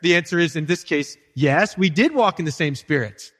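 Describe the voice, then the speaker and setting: A man's voice: on the high side, lively intonation, moderate pace, a bit bright, in a large hall. A male pastor preaching a sermon in a church, talking casually to the congregation with rhetorical questions and quoted voices. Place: church sanctuary.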